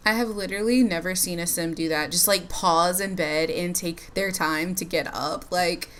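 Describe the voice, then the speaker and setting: A woman's voice: lowish voice, steady tone, normal speed, a bit bright. Bubbly woman chatting over gameplay. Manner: chatty, bubbly, frequent laughs. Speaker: life-sim gameplay YouTuber. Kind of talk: casual gameplay commentary.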